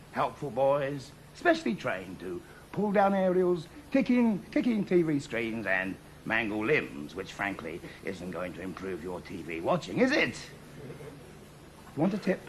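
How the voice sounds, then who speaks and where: Deadpan comic presenter, slow, lively pitch swings, faint hiss behind. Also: male voice. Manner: sardonic, mock-menacing. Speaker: comic presenter addressing viewers. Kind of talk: deadpan comic address to camera.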